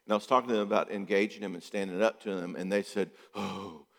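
Animated middle-aged man with a lowish voice. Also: rapid-fire, big-room sound. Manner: animated, acts out quotes in voices, rhetorical questions, repeats for emphasis. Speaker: psychologist. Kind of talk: casual talk on relationships.

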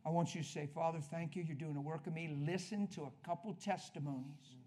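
High-voiced energetic male preacher. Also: fairly quick, a little hiss or hum. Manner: energetic, conversational, coaching the crowd with questions. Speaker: preacher leading a healing service. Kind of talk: sermon.

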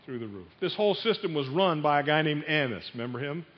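A man's voice: on the high side, expressive, quick pace. A man preaching a sermon, telling a story and putting questions to his listeners. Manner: storytelling, asks the audience questions. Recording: dull sound in a long-reverb hall.

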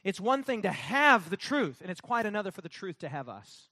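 A man's voice: sits high, sing-song, brisk, hardly any pauses, pushed and bright, no room sound, studio quality. A man preaching a sermon, emphatic and repetitive, calling on the congregation to repeat words and mocking opponents with sarcastic voices. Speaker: pastor.

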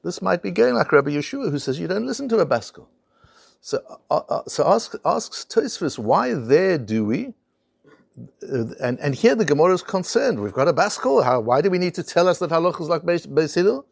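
Male Torah teacher: gravelly voice, close and dry sound, animated storytelling, Hebrew and Aramaic terms mixed in. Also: a little high, brisk, no room sound. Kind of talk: Talmud class lecture.

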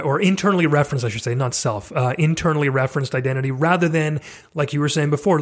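A man with a fairly high voice hosts a podcast interview. He speaks in a reflective, conversational way and steers the talk with open questions. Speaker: podcast host.

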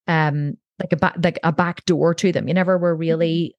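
Low-voiced woman telling candid stories. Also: steady tone, normal speed, darkish tone, dry recording, lo-fi sound. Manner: candid storytelling, casual swearing. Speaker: podcast guest. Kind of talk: conversational podcast interview. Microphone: own podcast microphone.

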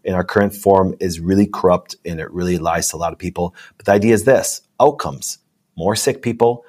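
A man's voice: low-pitched, brisk, darkish tone, slightly rough. A man speaking as a guest doctor in a casual interview, rambling and emphatic, often asking "you know what I'm saying".

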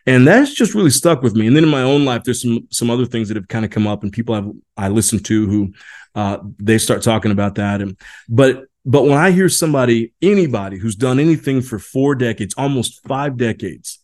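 A man's voice: medium pitch, fairly quick, darkish tone. A man in his forties from Indiana, hosting a leadership podcast in a rambling, folksy monologue full of restarts. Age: 40s. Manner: rambling, many restarts and fillers, folksy "y'all". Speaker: podcast host. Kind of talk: casual monologue.

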